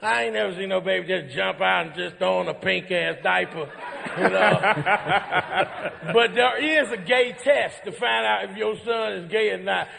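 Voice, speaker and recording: A comedian on a live talk show, telling rowdy stories, laughing through his punchlines and shouting the quoted lines. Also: sits high, moderate pace, vocal fry, background noise. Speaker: comedian guest. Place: ballroom stage before a live audience. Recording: echoey ballroom, long reverb.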